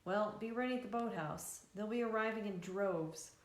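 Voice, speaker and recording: A woman voicing a brisk, reassuring male tour organizer in her own plain voice. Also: mid-range voice, reverberant, lightly acted.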